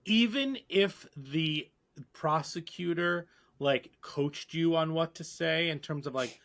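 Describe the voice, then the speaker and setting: A man's voice: a little high, takes it slowly, a bit bright. A man on a podcast panel, analytical and hesitant, with many fillers and restarts. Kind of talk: casual chat.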